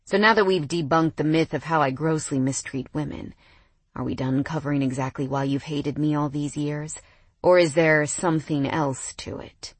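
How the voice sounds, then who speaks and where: A woman's voice: low-pitched, steady tone, normal speed, no echo. A woman narrator voicing a cocky, teasing young man with a smug, playful drawl.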